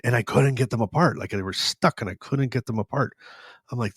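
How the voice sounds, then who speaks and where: A man's voice: mid-range voice, fairly quick, breathy edge, dry recording, studio quality. A man in his forties from Canada, hosting a live Q&A and telling his story in a rambling way, correcting himself and laughing often. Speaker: host.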